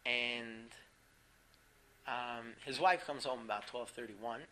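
A man teaching a class through a story, animated, laughing often and filling pauses with "um". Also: medium pitch, rough recording. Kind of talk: storytelling lesson.

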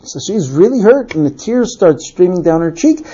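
A woman tells an anecdote in a lively, animated way. Her voice is fairly high, husky and mellow, and the recording sounds dull and lo-fi. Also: normal speed, few pauses. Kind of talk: storytelling talk.

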